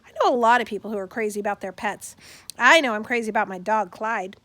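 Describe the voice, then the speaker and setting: A woman's voice: medium pitch, quick pace, a bit bright, no echo, natural voice. A woman reading the part of an eager young girl who gushes and coos over a pet in an audiobook. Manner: eager, cooing.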